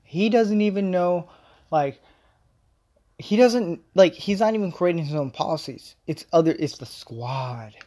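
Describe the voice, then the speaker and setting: Talk it out like a man with a fairly high voice ranting off the cuff, rambling with lots of filler words, blunt and swearing freely. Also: expressive, unhurried, dark tone. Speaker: vlogger giving political commentary. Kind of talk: casual opinion rant.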